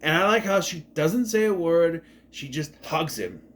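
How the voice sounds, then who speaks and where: Man rambling through an animated TV review. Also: on the high side, normal speed. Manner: rambling and enthusiastic, often correcting himself. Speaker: TV show reviewer. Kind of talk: casual spoken review.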